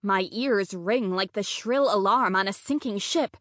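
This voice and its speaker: A woman narrating a first-person romantic comedy audiobook in a lively, comic, self-deprecating way. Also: mid-range voice, unhurried, no echo, studio quality.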